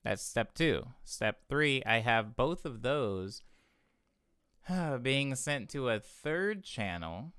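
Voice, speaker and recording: A man's voice: medium pitch, expressive, slow, a bit bright, clear, resonant tone, dry recording, clean studio sound. A man, a music producer, explaining his vocal chain step by step in a casual tutorial, stopping now and then to correct himself. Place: home music studio.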